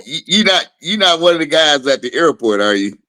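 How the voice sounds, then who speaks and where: A man's voice: on the high side, sing-song, fairly quick, bright, forceful tone. A man hosting a podcast in casual chat, reacting agreeably with short remarks.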